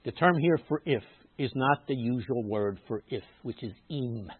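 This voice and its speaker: Preaching man, rising loud on key words. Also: medium pitch, lively intonation, moderate pace, slightly rough, dry recording. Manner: emphatic, rises loud on scripture quotes, teacherly asides. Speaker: rabbi. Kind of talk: sermon. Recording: muffled phone-like sound.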